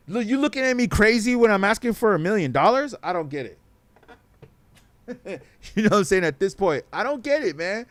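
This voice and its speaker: A man's voice: very high-pitched, lively intonation, normal speed, a bit bright, smooth, dry recording. A man hosting a talk show on a livestream, chatting casually in a rambling, profane and emphatic way.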